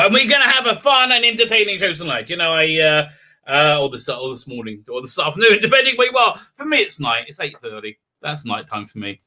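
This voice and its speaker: A man's voice: a little high, big pitch swings, fairly quick, bright, forceful tone. A middle-aged man hosting a livestream, rambling in a comic monologue with frequent giggles and fillers. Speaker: livestream host.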